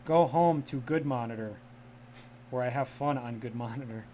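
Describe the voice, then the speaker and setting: A man's voice: mid-range voice, normal speed, mellow, a little hiss or hum. A man from the Midwest chatting casually on a livestream, enunciating carefully in a polished media-style voice. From American Midwest. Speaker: livestream host. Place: home room with a cat.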